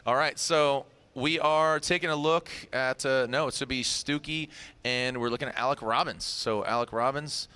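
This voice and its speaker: Bright-voiced excitable male motorsport commentator. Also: mid-range voice, normal speed, clean tone. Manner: excitable, jokey, slangy banter. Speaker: play-by-play commentator.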